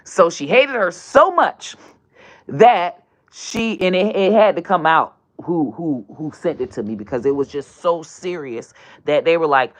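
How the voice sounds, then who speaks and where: A woman host telling a storytime on her show, animated and profane, swinging from loud outbursts to near-whispers. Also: sits low, unhurried. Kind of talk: casual storytime vlog.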